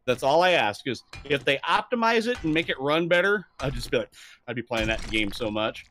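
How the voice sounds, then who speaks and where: Animated, swearing young man streaming. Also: mid-range voice, fairly quick, slight background noise. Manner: swears freely, animated storytelling, laughs often. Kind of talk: casual live-stream chat.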